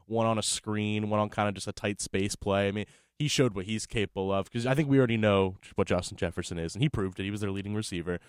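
Fast-talking low-voiced man breaking down football. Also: steady tone, smooth, no room sound, clean studio sound. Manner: quick, fluent analysis with many "I mean"s. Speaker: podcast co-host. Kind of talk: casual sports talk.

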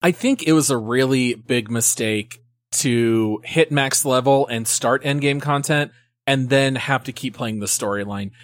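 A man co-hosting a casual gaming podcast, explaining things in a measured way. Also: medium pitch. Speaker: podcast co-host.

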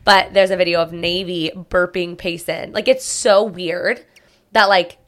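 A woman's voice: fairly low pitch, steady tone, measured pace, a bit bright. A young woman and mother co-hosting a podcast in casual chat, talking with many filler "likes". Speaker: podcast co-host.

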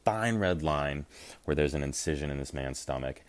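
A young man with an extremely deep, low voice tells a rowdy story on a podcast, animated and loose, full of fillers and curse words. He jumps into other people's voices as he quotes them. The sound is dry and close, with no room behind it. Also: moderate pace, smooth, no echo. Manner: animated, acts out quotes, lots of fillers and swearing. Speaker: podcast co-host. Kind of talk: casual storytelling.

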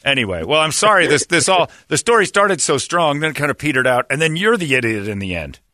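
Lively joking male radio host. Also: on the high side, fast talker, dry recording, clean studio sound. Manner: joking, teasing, mimics callers. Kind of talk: call-in radio banter.

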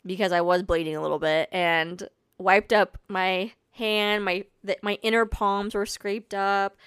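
Chatty young woman, smooth dry voice. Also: mid-range voice, fairly even intonation, measured pace, fairly bright tone, dry recording. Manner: chatty and self-deprecating, laughs often. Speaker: podcast host. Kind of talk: casual solo storytelling. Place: home.

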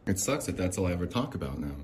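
A man hosting a podcast, ranting in exasperation, swearing and swinging between low mutters and sharp outbursts. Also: very animated, rapid-fire, slight background noise. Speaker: podcast host. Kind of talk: angry ranting monologue. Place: home near a window.

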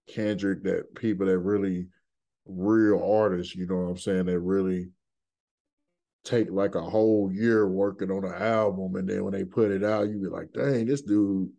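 A man hosting a casual podcast, with a very low voice that barely moves in pitch. He talks in a relaxed, hesitant way, filling the gaps with plenty of fillers. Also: gravelly. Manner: laid-back, hesitant, many fillers. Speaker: podcast host.

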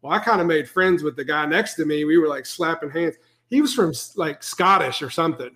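A man co-hosting a casual sports podcast, telling a story in a relaxed way. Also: a little high, fairly quick. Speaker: podcast co-host. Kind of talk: casual chat.

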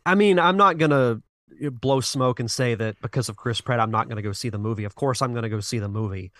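A man talking casually on a gaming podcast, thinking aloud with frequent restarts. His voice sits in a middle pitch and comes through a close mic with no room sound at all. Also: fast talker, a bit bright, no echo. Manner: earnest, talks in restarts, reasoning aloud. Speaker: podcast co-host. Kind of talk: casual chat about games and movies.

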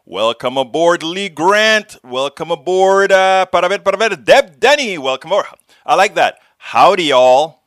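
A man with a Texan accent hosting a live political talk show, greeting viewers and lecturing them in an animated, folksy, jokey way. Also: high voice, moderate pace, dry recording. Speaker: host.

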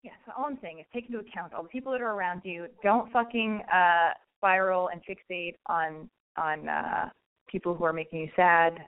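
On a thin, phone-like line, a woman with a fairly low voice hosts a casual call-in radio chat at a moderate pace. She rambles, jokes around, and is blunt, swearing as she goes.

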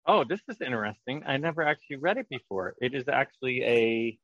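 A man's voice: mid-range voice, lively intonation, a little fast, fairly bright tone, no echo. Man, podcast co-host, casual chat, muffled lo-fi sound, dry. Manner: hesitant, stammering restarts. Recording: dull, dry lo-fi audio.

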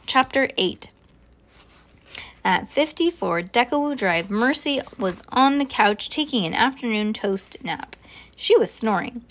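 A woman reading a children's chapter book aloud, voicing the characters with lively jumps in pitch. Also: a little slow. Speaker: reader.

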